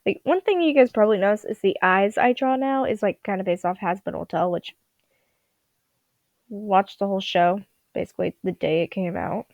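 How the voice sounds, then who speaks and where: A woman's voice: mid-range voice, moderate pace, darkish tone, dry recording. A tired young woman at home at night, giving casual commentary while drawing, rambling and giggling to herself. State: tired, groggy. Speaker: digital artist vlogger. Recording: dull lo-fi home mic.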